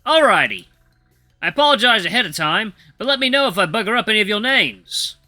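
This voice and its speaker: Guy doing a high squeaky aussie dog mentor, flustered and overexcited, super bright. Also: big pitch swings, a little fast, dry recording, faint music behind, heavily acted. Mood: eager. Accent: Australian, put on. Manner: breathless, apologetic, overexcited. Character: eager flustered young male shepherd-dog mentor.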